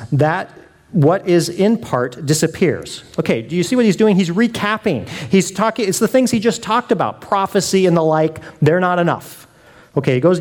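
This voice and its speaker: A man preaching a sermon with passion, drawing some lines out softly and raising his voice on others. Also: fairly high pitch. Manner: impassioned, swings between soft drawn-out lines and raised exclamations.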